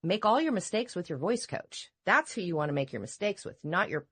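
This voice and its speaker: A woman voice-over coach and radio personality in casual chat, expressive and jokey. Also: fairly low pitch, fairly quick, husky.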